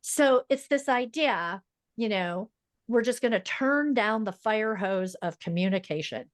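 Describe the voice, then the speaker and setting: A woman who is a speech-language pathologist, speaking as a podcast guest in a fast, emphatic, teacherly way. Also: medium pitch, expressive, no echo, clean studio sound. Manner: fast-talking. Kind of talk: podcast interview.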